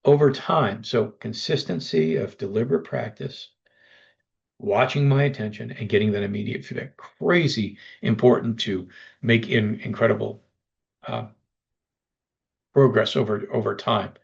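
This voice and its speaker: Guy with a gravelly voice pitching a program in a webinar, talking right at you, kinda dull lo-fi sound. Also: unhurried. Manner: persuasive, addresses listeners directly. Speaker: presenter.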